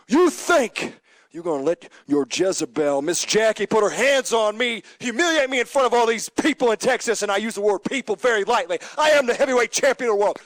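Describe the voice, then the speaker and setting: A man cutting an angry wrestling promo in a gym, taunting and threatening, sinking to a menacing low hiss. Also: animated, fairly quick, fairly bright tone, dry recording. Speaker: pro wrestler. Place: high school gym.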